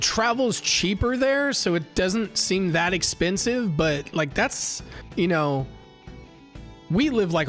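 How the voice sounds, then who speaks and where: A man with a fairly high voice chats on a livestream, spinning a rambling travel story full of swearing and restarts. Faint music plays behind him as he talks into a desk mic. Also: a bit bright. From United States. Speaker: livestream host. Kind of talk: casual chat.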